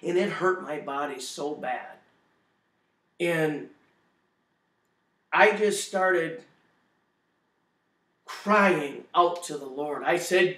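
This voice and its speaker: A man's voice: fairly high pitch, drawn-out words, pauses often, fairly bright tone, roomy sound, recorded from a distance. A man telling his personal testimony in an earnest, emotional way, with the story built up step by step. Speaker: testimony speaker.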